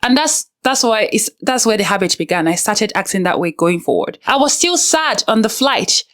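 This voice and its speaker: A woman's voice: mid-range voice, expressive, moderate pace, a bit bright. A young woman hosting a self-help video, giving earnest, direct advice to the viewer with frank personal asides. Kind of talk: direct-to-camera advice talk.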